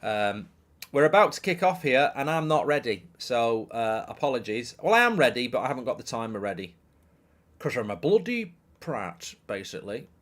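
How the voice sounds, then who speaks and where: A man's voice: mid-range voice, very animated, moderate pace, fairly bright tone. A middle-aged man, hosting a live football watchalong, rambling, swearing and reading out viewer messages. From England. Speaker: host.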